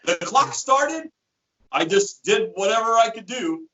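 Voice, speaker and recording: A man's voice: sits high, unhurried, dull audio. A middle-aged man telling stories and explaining products in a casual interview, acting out quoted voices. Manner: animated storyteller acting out quotes. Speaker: sales rep. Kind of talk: storytelling interview chat.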